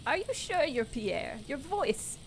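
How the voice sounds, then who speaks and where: A woman voicing a lonely, confused older woman on a phone line, speaking softly, wistful and suspicious. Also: high voice, very animated, slow, a little hiss or hum, voice pushed up, exaggerated voice.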